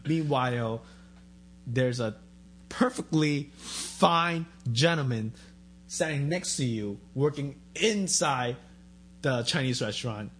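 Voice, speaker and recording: A man's voice: medium pitch, takes it slowly, slight background noise. A man chatting casually, telling an anecdote and acting out the voices of people in it. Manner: animated, acts out quoted exchanges. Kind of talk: casual chat, storytelling.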